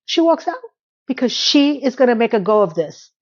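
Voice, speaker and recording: A woman's voice: on the high side, very animated, normal speed, a little mellow, dull audio. A woman giving a casual, opinionated recap of a TV episode. She retells scenes by acting out the quotes and drops blunt asides.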